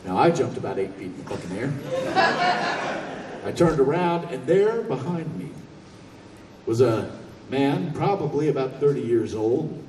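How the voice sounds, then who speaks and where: A man telling a comic story on stage in a convention hall, animated, profane and laughing. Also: medium pitch, unhurried, pauses often, noisy background. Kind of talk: stand-up storytelling. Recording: echoey hall from far off.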